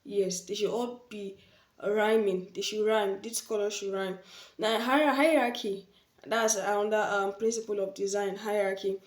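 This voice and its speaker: A woman's voice: medium pitch, fairly even intonation, a little slow. A woman teaching design basics in an informal spoken tutorial, often repeating her key points and affirming them with "yes". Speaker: design instructor. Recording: echoey room.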